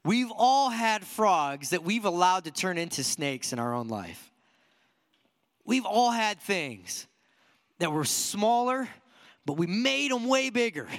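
A man's voice: high voice, sing-song, slow, in a large hall. A man preaching a sermon to a church congregation in an earnest, conversational way, asking his listeners many rhetorical questions. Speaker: pastor.

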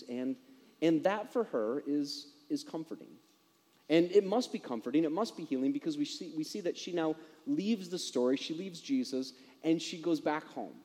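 A man's voice: on the high side, mellow, long reverb tail. A man preaching a sermon in a conversational way, asking his listeners rhetorical questions.

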